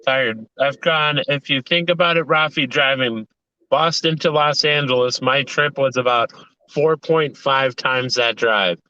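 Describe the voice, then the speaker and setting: A man's voice: mid-range voice, a little slow, pushed and bright, clean tone, dry recording, dull audio. A tired man, a guest on a show, talking casually in a rambling way with small restarts. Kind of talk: casual interview talk.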